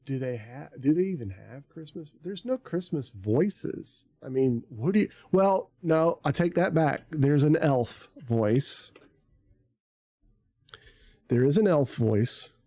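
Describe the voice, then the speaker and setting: A man's voice: a little high, lively intonation, slow, warm tone, no room sound. Dry-voiced cursing streamer man. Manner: rambling, profane, self-mocking. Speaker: live streamer. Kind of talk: casual stream chat. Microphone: desk microphone on arm.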